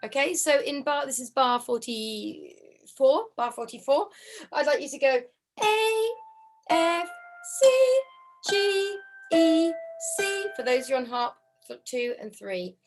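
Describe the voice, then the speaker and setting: A woman's voice: high voice, moderate pace. A woman teaching a harp ensemble over a video call, friendly and encouraging, counting beats aloud and humming the parts. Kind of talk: online music lesson, counting beats. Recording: harp music under the voice.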